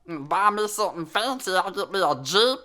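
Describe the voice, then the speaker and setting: Voicing a goofy sheep who hosts a children's storytime, this woman reads a fairy tale and breaks off for sassy, playful remarks to the audience. Her mid-range voice is animated and sharp-toned, and she talks fairly quickly in a chatty way.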